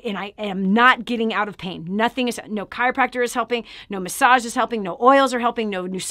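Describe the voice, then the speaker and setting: A woman's voice: fairly high pitch, bright, forceful tone, no echo, clean studio sound. A middle-aged woman from California hosting her show and telling a personal testimony, emphatic and emotional, sometimes dropping to a near whisper. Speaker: show host and speaker.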